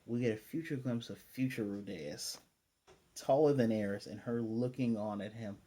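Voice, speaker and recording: Mellow-voiced man recapping an anime episode. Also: on the low side, normal speed. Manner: animated retelling, often paraphrasing the characters' lines; chatty and loose, with frequent fillers and self-corrections. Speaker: anime reviewer.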